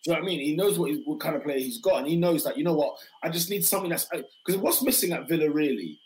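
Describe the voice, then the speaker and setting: A fairly high-voiced man with a hoarse, worn voice, talking football in a lively, emphatic way. He repeats his points and cuts in often. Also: very fast, a little hiss or hum, poor audio. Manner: animated, interjecting, emphatic repetitions. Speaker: podcast host. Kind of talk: casual football chat.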